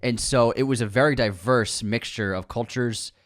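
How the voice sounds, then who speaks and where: A man in casual conversation on a movie podcast, growing animated as he makes his points and laughing often. His voice sits at an ordinary middle pitch. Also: moderate pace. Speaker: podcast co-host.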